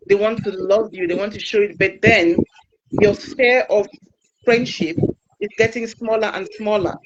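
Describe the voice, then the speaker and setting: A man giving an earnest explanatory talk, speaking slowly and repeating himself for emphasis, and acting out quoted lines. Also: high-pitched. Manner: repetitive, slow emphasis, acts out quoted lines. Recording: muffled audio with loud noise.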